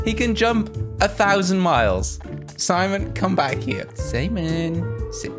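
A man from Wales giving excitable, laughing commentary on a video game as its regular host. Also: high-pitched, moderate pace. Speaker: gaming YouTuber. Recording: game music behind.

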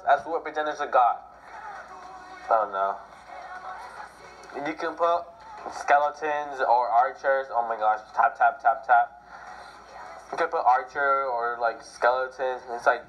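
Teen boy, sick, excitable rambling game commentary, muffled sound, faint game music. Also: mid-range voice. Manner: rambling, excitable, self-deprecating. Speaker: mobile game player. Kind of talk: casual gameplay commentary. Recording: dull lo-fi audio with faint music.

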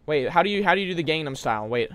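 A young man streaming a game, joking with chat and breaking into loud yelling bursts. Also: a little high, expressive, very fast. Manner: hyper, jokey, bursts of yelling. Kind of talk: live game streaming commentary.

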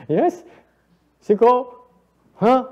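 A man's voice: sits high, warm tone, highs cut off. A Buddhist teacher giving a Dharma lecture, playfully coaxing his class and switching between English and Vietnamese. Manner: frequent laughter and repeated "yes, yes".

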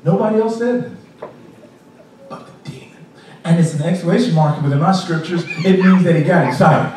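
A man's voice: fairly high pitch, normal speed, darkish tone, slight background noise. A man preaching a sermon as pastor, pressing his congregation with repeated rhetorical questions. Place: large church sanctuary. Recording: echoey sanctuary from far off.

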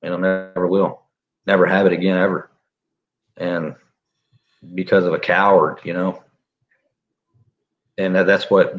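A man, a police officer, recounting a standoff in a plainspoken, halting, reflective way. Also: low voice. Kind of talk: interview storytelling. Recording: dull lo-fi audio.

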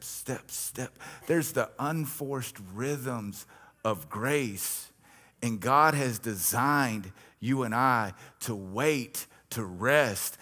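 A male pastor preaching a sermon, swinging between quiet, drawn-back lines and loud, emphatic swells, with rhythmic chanted repetitions. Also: medium pitch.

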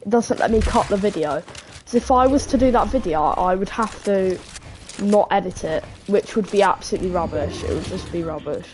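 A woman's voice: medium pitch, a little fast, a little mellow, slight background noise. A woman live-streaming a video game, chatting casually and greeting viewers by name. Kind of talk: live gameplay commentary. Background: background music.

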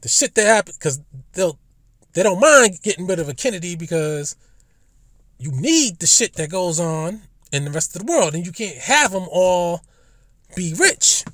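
A man talks in a rambling, profane monologue. His voice sits a bit high, and he often slips into acted-out lines of imagined dialogue. The sound is dry and close, as if from a phone in an online audio room. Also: fairly bright tone, no echo. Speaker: live audio room speaker. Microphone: phone or headset in an online audio room.

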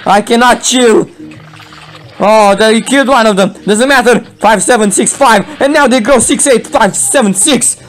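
A man giving playful, excitable game commentary, laughing often and throwing in mock roars while he voices both sides of a match. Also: extremely high pitch, normal speed, few pauses, soft background music. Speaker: gameplay commentator.

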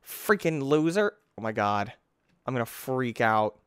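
A young man from the United States giving let's play commentary as a gaming YouTuber, easily frustrated, talking to the game and bursting into yells. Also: mid-range voice, big pitch swings, measured pace, smooth, no room sound, studio quality.

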